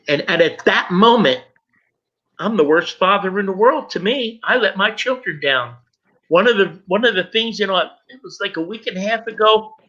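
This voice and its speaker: High, bright-voiced middle-aged man telling his story. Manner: halting, stumbles and repeats words when moved. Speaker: guest. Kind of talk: emotional personal storytelling. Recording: dull lo-fi recording.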